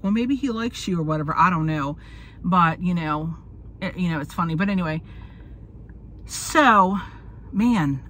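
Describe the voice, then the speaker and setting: A mid-range, slightly bright female voice belongs to a vlogger in her forties. She's parked in her car, chatting loosely and losing her train of thought as she rambles.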